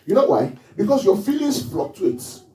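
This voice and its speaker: Heard from a distant mic in an echoing hall, this pastor delivers a sermon and keeps putting questions to the congregation, pausing for their answers. His voice is very high and warm, with big pitch swings at a moderate pace.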